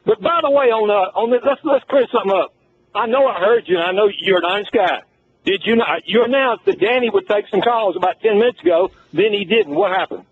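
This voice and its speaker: A man's voice: high-pitched, a little fast. An older man, a regular caller to a sports radio show, insistent and needling as he repeats his point. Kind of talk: argumentative phone-in call. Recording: tinny phone line with faint hiss.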